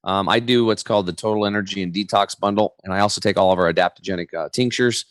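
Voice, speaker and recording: Deep-voiced and quick, a man in his forties chats casually as a guest on a podcast, where he works as a health coach. The recording has no room sound, and he tells his stories with energy and slang, performing the quotes.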